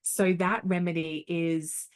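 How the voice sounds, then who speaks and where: A woman's voice: on the low side, slow pace. A woman working as a homeopath, telling stories in a casual interview and acting out the quotes. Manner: animated storytelling, acts out quotes.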